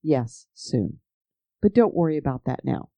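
A storyteller voicing a kind male king who speaks gently and reassuringly. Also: medium pitch, expressive, a little slow, vocal fry, no room sound. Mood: gentle.

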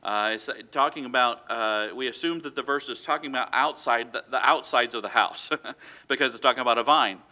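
A man's voice: mid-range voice, fairly quick, sharp tone. A man preaching a sermon in a conversational way, with frequent fillers and self-corrections. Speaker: pastor.

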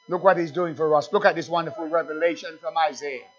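High bright-voiced preacher guy, shouting then dropping low, kinda muffled lo-fi recording. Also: steady tone, quick pace, slightly rough, faint music behind. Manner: swings between loud shouted declarations and low murmured asides. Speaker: pastor. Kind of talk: sermon.

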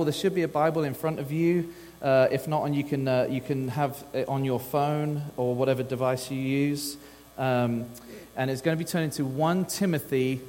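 A man's voice: medium pitch, darkish tone. An Englishman with an English accent preaches to a congregation, chatty and upbeat, full of small restarts. His voice sits in a middling register and carries a long reverb from the church hall. A faint mains hum runs beneath it. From England. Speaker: guest pastor. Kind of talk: sermon with prayer. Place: church sanctuary.

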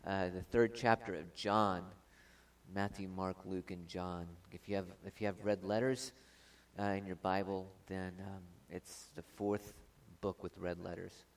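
Soft-spoken pastor, distant mic. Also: male voice, low voice, fairly even intonation. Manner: soft, halting prayer with many fillers, louder when reading scripture. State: emotional. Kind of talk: sermon with prayer and scripture reading.

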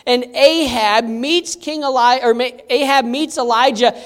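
A middle-aged pastor delivers a sermon in a church, mixing a childhood story with scripture. The talk is chatty and unhurried, full of "you know" and restarts, with asides to the listeners. The voice sits at a middle pitch, and a long hall reverb trails each phrase.

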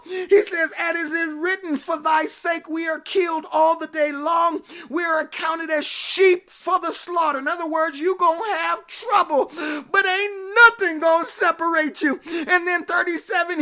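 A woman preacher delivering an impassioned sermon, shouting out scripture in slow, emphatic phrases and calling out to her congregation for responses. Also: extremely high pitch. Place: church.

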